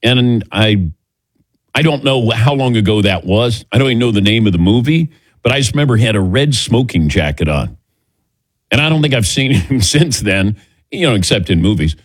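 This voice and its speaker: A man hosting a morning sports talk show on the radio, bantering loosely with his crew and tossing to them by name. His voice sits at an ordinary pitch. The sound is dry and close, on a studio mic. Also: lively intonation, moderate pace, dry recording. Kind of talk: casual radio show chat. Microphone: studio microphone.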